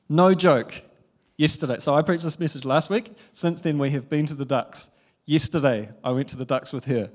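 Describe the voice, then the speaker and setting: A young New man preaching a sermon, telling a family story in a lively, chatty way with frequent laughs. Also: on the high side, normal speed. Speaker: pastor.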